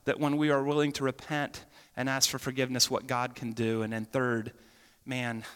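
A man preaching a sermon, telling a personal story in an animated way, with sudden swings between loud and hushed. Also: mid-range voice, moderate pace, clear, resonant tone. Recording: long reverb of a church hall.

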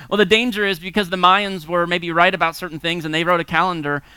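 Man, American, 30s or 40s, sermon-style storytelling, lively, chuckles, bright clear voice, dry recording. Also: sits high, fast, no echo. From United States. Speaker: pastor teaching a series. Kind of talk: sermon-style talk with personal stories.

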